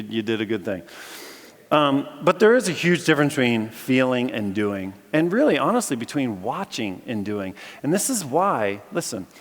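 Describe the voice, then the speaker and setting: A man preaching a sermon to a live audience, telling a story with energy and bantering with listeners. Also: mid-range voice. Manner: animated storyteller, jokes with audience. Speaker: campus chapel speaker. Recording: long reverb of a large hall.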